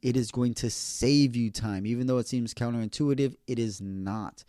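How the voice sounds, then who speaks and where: A man's voice: medium pitch, dark tone, no echo, clean studio sound. Earnest young-sounding man giving advice. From California. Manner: earnest, repeats key points slowly for emphasis. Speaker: electrician giving exam advice. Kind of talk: casual advice talk.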